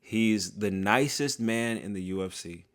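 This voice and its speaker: A man giving a casual, joking commentary monologue, full of slang and drawn-out asides, as a video creator. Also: on the low side.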